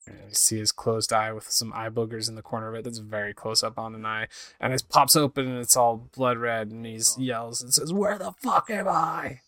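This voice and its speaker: A man's voice: lowish voice, level tone, a little fast, pushed and bright, no echo. A man giving casual let's-play commentary, describing what happens on screen and sometimes reading game dialogue aloud in put-on voices. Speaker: game streamer.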